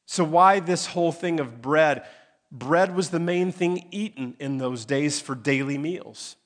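A male pastor preaching a sermon, landing on key phrases with emphatic pauses. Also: fairly high pitch. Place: church sanctuary.

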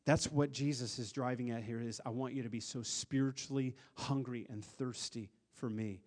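A pastor preaching a sermon, earnest, with a voice that swells louder and then drops to a hush, often repeating words as he restarts. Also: medium pitch, steady tone, moderate pace. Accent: Upper Midwest American.

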